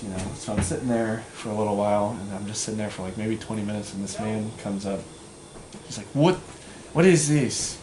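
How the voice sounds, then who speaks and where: Young man, casual storyteller, rambling, fillers, roomy echo, loud background noise. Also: on the low side. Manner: rambling, full of fillers, acts out quoted voices. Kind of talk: casual anecdote.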